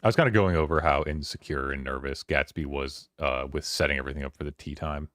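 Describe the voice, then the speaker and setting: A man's voice: a bass voice, a bit bright, no echo, studio quality. A man streaming a casual book club chat, rambling through a novel's scenes with lots of fillers. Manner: rambling, filler-heavy, quoting characters in quick voices.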